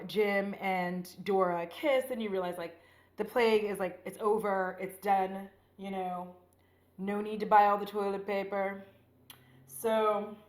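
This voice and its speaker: Profane, rambling woman vlogger, echoey room. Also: medium pitch. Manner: rambling, profane, animated retelling. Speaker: beauty vlogger. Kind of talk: casual get-ready-with-me chat. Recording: roomy echo.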